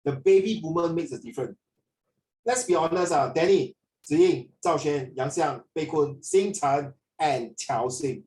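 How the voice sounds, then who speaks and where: A man, teaching a classroom lesson in an animated way and mixing in Mandarin. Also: a little high, a little slow. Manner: animated, mixes in Mandarin, frequent "ah" tags. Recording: echoey classroom from a distance.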